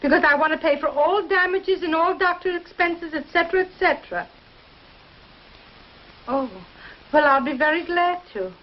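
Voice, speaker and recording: An actress playing a chatty, warm-hearted housewife and mother in a 1950s TV sitcom, fussing in quaintly worded sentences, on a dull old soundtrack. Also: very high-pitched, moderate pace, pauses often, a little hiss or hum. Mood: bustling. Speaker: lead character, family mother.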